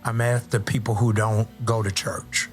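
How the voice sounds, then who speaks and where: A man who is a pastor, talking on a podcast in a relaxed, jokey way, often chuckling. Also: on the low side, moderate pace, soft background music. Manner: laid-back, jokey, chuckling storyteller. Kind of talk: podcast interview.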